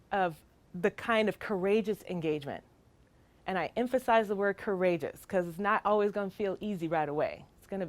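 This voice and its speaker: A woman's voice: medium pitch, no room sound. Middle-aged woman trainer: earnest, emphatic, conversational; mid-range voice, dry close recording. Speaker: child welfare trainer. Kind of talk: training session talk.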